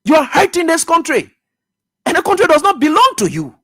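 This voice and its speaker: Fiery high-voiced radio host. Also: male voice, huge pitch swings, a little fast. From Liberia. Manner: fiery, swinging from loud outbursts to low muttering. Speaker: radio talk show host. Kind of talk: impassioned political commentary. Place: radio studio.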